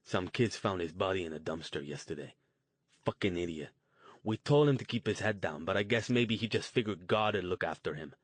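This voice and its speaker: A man voicing a gruff, hard-bitten male street outcast who talks blunt and crude in slang. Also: sits low, animated, moderate pace, dry recording. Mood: grim.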